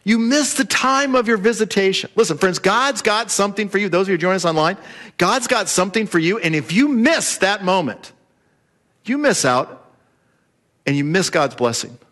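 Male pastor, high voice, animated sermon storytelling in church. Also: normal speed.

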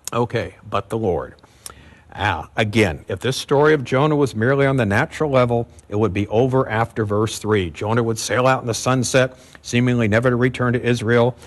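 A male pastor giving an expository sermon, teaching in a conversational way with emphatic repetition and occasional fillers. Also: fairly low pitch.

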